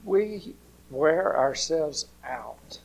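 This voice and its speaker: A man preaches from the pulpit, telling homespun stories. His voice sits a little high for a man and swings between loud, emphatic bursts and quiet, almost whispered lines. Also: expressive, extremely slow, gravelly. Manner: storytelling, swings from loud to hushed, acts out voices. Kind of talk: sermon.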